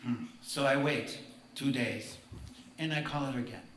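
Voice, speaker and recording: Slow man in a roomy hall. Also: mid-range voice, fairly bright tone, slight background noise. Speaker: stage performer. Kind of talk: storytelling with song. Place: large public hall. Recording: roomy hall from far off, guitar behind.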